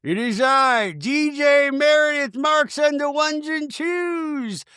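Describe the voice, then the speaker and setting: A man putting on a grandiose, mock-holy woman in a drawn-out falsetto as a comedy impression. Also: bright, forceful tone, dry recording, studio quality, full character voice.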